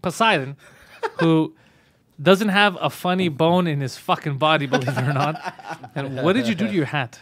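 A man's voice: fairly high pitch, normal speed, a bit bright. A man co-hosting a comedy podcast, teasing his guests in crude, casual banter. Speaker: podcast co-host.

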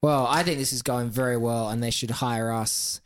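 A man's voice: medium pitch, steady tone, normal speed, smooth. An Australian man co-hosting a podcast, chatting casually and joking a lot. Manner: joking, laughs often. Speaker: podcast co-host. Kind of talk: casual chat.

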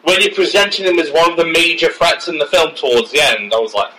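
A man's voice: fairly high pitch, quick pace, sharp tone, a little hiss or hum, low-quality recording. A man co-hosting a casual film podcast, blunt and opinionated, swearing freely and trailing off mid-sentence. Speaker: podcast co-host.

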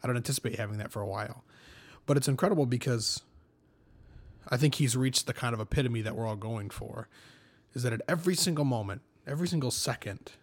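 A young man with a mid-pitched voice co-hosts a relaxed faith conversation. He tells stories animatedly, pokes fun at himself and laughs easily. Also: quick pace. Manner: animated storyteller, self-deprecating, laughs often. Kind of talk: casual faith discussion.

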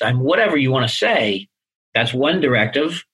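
Bright, husky man talking motivation. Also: mid-range voice, lively intonation, fairly quick, low-quality recording. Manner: emphatic, motivational. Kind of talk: casual conversation.

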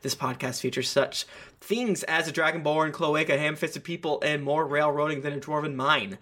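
A man with a bright, forceful voice, set a little high, hosts a casual podcast. He reads listener reviews aloud in a playful, teasing way and slips in jokey asides. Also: steady tone, moderate pace. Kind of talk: casual chat among tabletop game players.

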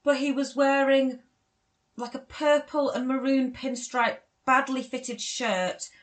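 A young woman, telling a dating story in a casual podcast chat, self-deprecating and animated. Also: high-pitched, slow, a crowd in the background. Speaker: podcast co-host.

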